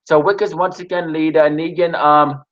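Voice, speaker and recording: A man with a slightly high voice reads a TV recap and then shares his own review. He stops and restarts often and fills pauses as he goes. The recording sounds dull and lo-fi. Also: little pitch movement, fairly bright tone. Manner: halting, frequent restarts and pauses. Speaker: TV episode reviewer.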